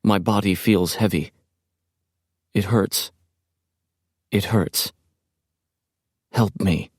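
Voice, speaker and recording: Brief: a terrified young woman's diary voice, read plainly by a deep-voiced man, dry and close. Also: no room sound. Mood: desperate. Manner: low, slow, even reading. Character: frightened young woman writing a desperate diary. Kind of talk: audiobook narration.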